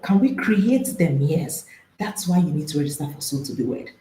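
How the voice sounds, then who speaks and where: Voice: medium pitch, expressive, moderate pace, mellow, roomy sound, slight background noise, poor audio. A marriage and intimacy coach, speaking to an audience, emphatic and repeating phrases, firing off rhetorical questions.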